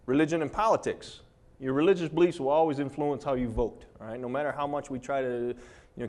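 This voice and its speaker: A man giving a live presentation to an audience, animated and sarcastic, saying he gets fired up and charged up. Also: mid-range voice.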